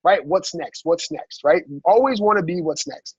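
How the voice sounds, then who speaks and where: A man coaching his team in a motivational training talk, energetic and asking "right?" after every point. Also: a little high, normal speed, breathy edge, no room sound. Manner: energetic, repeats "right?" often, acts out dialogue. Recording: dull lo-fi sound.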